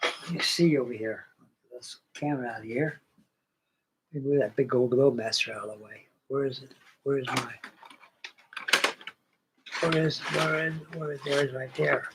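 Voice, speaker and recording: A man's voice: medium pitch, normal speed, pauses often, background noise. Folksy, rambling man, far from mic. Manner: rambling, folksy, swears casually. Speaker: model builder hosting a live stream. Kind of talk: casual live-stream chat while working.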